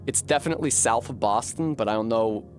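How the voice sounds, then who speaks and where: A man's voice: mid-range voice, quick pace, slight background noise. A young adult man from Rhode Island, a streamer chatting while gaming, rambling and swearing freely. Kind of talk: casual chat while gaming.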